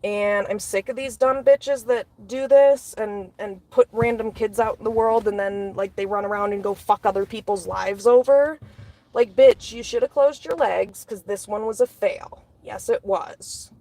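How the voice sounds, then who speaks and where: A woman's voice: mid-range voice, steady tone, moderate pace, mellow. A woman delivering an angry, profane rant as a solo commentator, blunt and heated. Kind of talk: angry ranting monologue.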